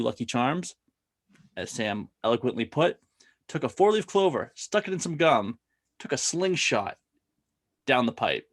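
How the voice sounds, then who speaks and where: A man co-hosting a casual horror-film chat, retelling scenes expressively and laughing at them. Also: on the high side. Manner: expressive storyteller, laughs at his own recaps. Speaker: podcast co-host.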